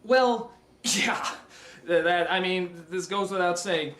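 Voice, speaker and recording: A man giving a comedic film review rant, exasperated and mocking, with animated impressions. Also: sits high, takes it slowly. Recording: roomy echoey recording.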